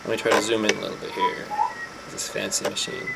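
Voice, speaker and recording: A young woman with a low voice reads a picture book to a classroom of small children. Her pitch swings widely as she tells the story and checks their vocabulary, with a faint hiss of noise underneath. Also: huge pitch swings, quick pace, gravelly. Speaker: teacher reading to first graders.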